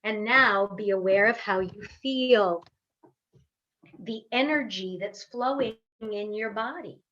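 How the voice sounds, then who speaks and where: A woman voice coach leading a guided vocal warm-up over a webcam, giving encouraging step-by-step instructions with long hums. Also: medium pitch, takes it slowly, dull audio. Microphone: webcam on a video call.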